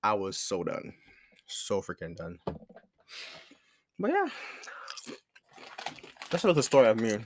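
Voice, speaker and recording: A young podcast host speaks a little slowly in a lowish voice with wildly swooping pitch, pausing often. He tells a personal story in a candid, rambling monologue, using slang and restarting frequently, in a room with a squeaky chair.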